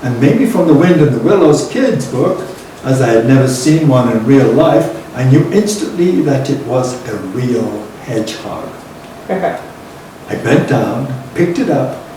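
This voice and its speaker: An older man with a Liverpool accent telling a reminiscence in a slow, reflective way, laughing between lines. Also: mid-range voice, expressive. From England. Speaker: storyteller. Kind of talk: storytelling reminiscence. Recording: roomy and distant with faint noise.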